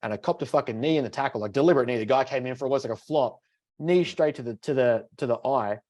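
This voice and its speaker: A man talks quickly, cursing casually as he tells animated stories on a podcast. His pitch sits in an ordinary middle range for a man. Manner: swears freely, animated storytelling. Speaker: podcast co-host.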